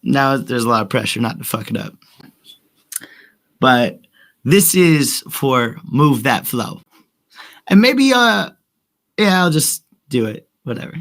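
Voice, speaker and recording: A man's voice: mid-range voice, sing-song, takes it slowly, long pauses, a bit bright. A sick man with a cough, co-hosting a casual stream chat as a rapper, joking and mocking himself. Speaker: co-host and rapper.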